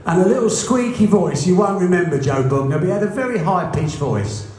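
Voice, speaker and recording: A man recounting his early days as a boxing promoter, blunt and humorous. His voice rises and falls with lively energy and sits a little high. The recording is heavy with room echo. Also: a little fast. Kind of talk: anecdotal interview storytelling. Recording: echoey room.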